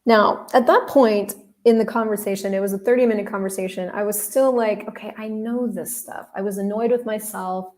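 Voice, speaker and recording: A woman's voice: mid-range voice, fairly even intonation, fairly quick, hardly any pauses. A woman hosting a podcast, telling a story in a casual, candid way, talking straight to her listeners and swearing now and then. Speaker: podcast host.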